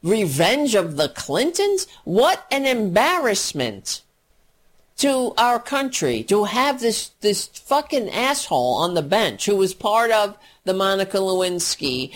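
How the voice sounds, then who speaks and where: A woman's voice: mid-range voice, very animated, slow pace. A woman giving an exasperated, profane political rant, mocking the people she talks about.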